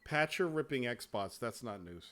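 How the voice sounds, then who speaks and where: A man hosting a casual gaming chat show, talking in a profane, animated way and laughing often. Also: medium pitch, unhurried, a little hiss or hum. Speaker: show host.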